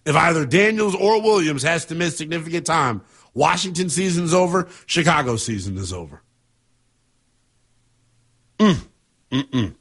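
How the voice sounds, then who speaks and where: A man's voice: fairly high pitch, big pitch swings, unhurried, pauses often, a bit bright, slightly rough. A man hosting a sports talk show, giving passionate, emphatic commentary in a conversational way. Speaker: sports radio host.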